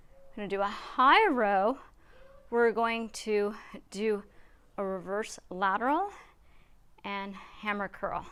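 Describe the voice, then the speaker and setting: A woman's voice: fairly high pitch, fairly bright tone, clear, resonant tone. A woman fitness instructor guiding a beginner workout, counting reps aloud and a little out of breath. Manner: encouraging, counts reps aloud while exercising.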